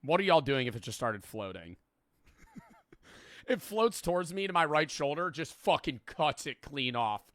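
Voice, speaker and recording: Excitable swearing male streamer. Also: fairly high pitch, moderate pace, dry recording. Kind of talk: casual reaction chat.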